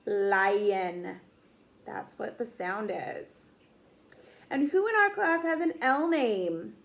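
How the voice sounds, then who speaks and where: A woman teacher with a fairly high voice walks small children through a phonics lesson. She takes her time, drawing out letter sounds and cheering them on. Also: animated. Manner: slow, encouraging, with exaggerated letter sounds and gasps.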